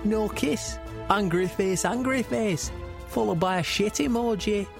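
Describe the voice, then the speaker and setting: A man putting on the voice of a stern, officious male wrestling commissioner, gravelly and threatening. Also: high-pitched, unhurried, faint music behind, voice pushed up. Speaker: comedy podcast character.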